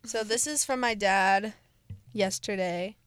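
A teenage girl co-hosting a school radio show, chatting casually and giggling between quick asides. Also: mid-range voice, smooth, dry recording, clean studio sound. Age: teens. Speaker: student radio co-host. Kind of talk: casual chat.

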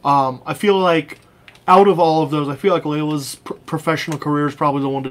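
A man's voice: on the high side, fairly even intonation, fairly quick, fairly bright tone. A man in casual brainstorming chat, playful and riffing on ideas, laughing often.

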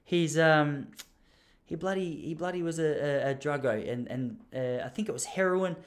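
A man's voice: fairly high pitch, normal speed. A young adult man with an Australian accent, hosting a podcast and telling a rambling story, often restarting his sentences. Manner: rambling, animated, self-interrupting with restarts. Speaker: podcast host. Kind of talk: casual storytelling monologue.

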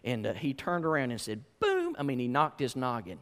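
A man's voice: mid-range voice, a little fast, fairly bright tone. A man preaching a sermon, telling a story with folksy asides and repeated rhetorical questions. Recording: echoey hall.

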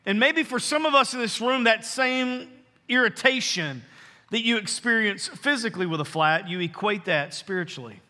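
Male pastor preaching in a church, higher voice, punchy and earnest, slows to hammer points home, reverberant hall sound. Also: animated, bright, forceful tone. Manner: earnest, emphatic preaching with slowed, stressed phrases. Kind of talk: sermon. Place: church sanctuary.

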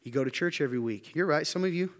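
Quick and animated, a pastor addresses his congregation in a church hall full of long reverb. He hammers home his sermon with frequent rhetorical questions, his emphasis swelling into loud, high-pitched intensity.

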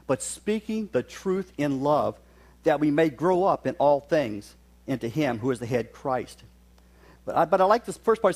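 A man's voice: a little high, a little mellow. A middle-aged man from West Virginia, preaching a sermon in a folksy, storytelling manner with touches of humor.

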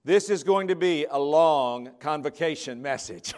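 A man preaching a convocation sermon, emphatic, swinging between soft, drawn-out words and louder stressed phrases. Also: fairly high pitch. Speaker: preacher giving a convocation message.

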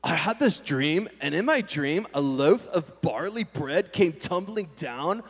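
A man voicing a laid-back young stoner telling his friend about a weird dream, in a slow, drawling, slangy way. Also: on the high side, animated, pitched below the performer's own voice. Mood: dazed. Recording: long hall reverb.

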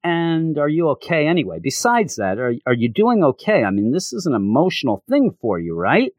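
A man voicing a brisk female team leader who questions a teammate matter-of-factly. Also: on the high side, huge pitch swings, no echo, clean studio sound. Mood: probing.

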